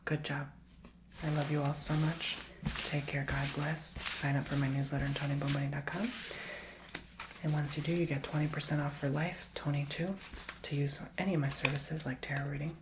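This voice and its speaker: A man giving a soft-spoken, partly whispered ASMR tarot reading, talking gently and encouragingly and leading the listener through repeated affirmations. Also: fairly high pitch, level tone, a little fast, background noise. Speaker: tarot reader.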